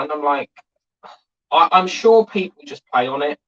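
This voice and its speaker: A man's voice: on the high side, expressive, normal speed, bright, forceful tone, dull audio. A man hosting a model-building livestream, chatting in a rambling way and reading out viewer comments. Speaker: model-kit livestream host. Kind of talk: rambling casual livestream chat.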